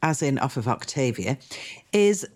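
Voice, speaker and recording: A woman's voice: rumbling low, very animated, measured pace, darkish tone. A woman presenting on a radio show, chatting enthusiastically about a TV series she has been watching. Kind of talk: casual chat on a radio show.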